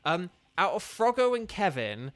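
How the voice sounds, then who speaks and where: A man's voice: high-pitched, sing-song, unhurried, dry recording. A man chatting casually with viewers during a live game stream, rambling and organizing who plays next.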